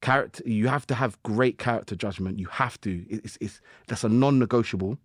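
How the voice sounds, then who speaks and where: A man, a guest musician on a podcast, telling stories in lively slang and acting out his own inner voice. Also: fairly low pitch, a little fast, dry recording, studio quality. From United Kingdom. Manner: animated storytelling with slang and acted-out self-talk. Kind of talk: casual podcast conversation.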